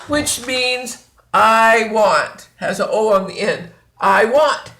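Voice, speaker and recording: Slow, bright-voiced woman teaching. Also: medium pitch, slight background noise. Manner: deliberate, drawn-out, demonstrating sounds. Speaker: Spanish teacher. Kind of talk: slow, patient classroom instruction. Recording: echoey room.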